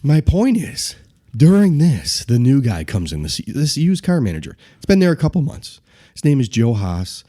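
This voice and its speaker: A man in his forties from the Buffalo area, telling a rough-and-ready story on a podcast, laughing often. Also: mid-range voice, wildly swooping pitch, moderate pace, dark tone. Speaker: podcast co-host. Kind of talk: casual storytelling.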